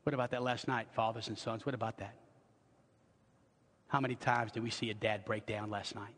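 A male pastor delivering an impassioned sermon in a church, moving between loud exhortation and quiet, intimate passages. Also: fairly low pitch, little pitch movement, fairly quick. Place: church sanctuary. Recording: long hall reverb.

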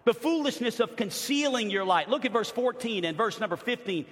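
A pastor from New Orleans preaching a sermon in a church, emphatic, swinging from loud to hushed. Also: male voice, extremely high pitch, lively intonation, a little fast, hardly any pauses. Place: church sanctuary. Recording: long hall reverb.

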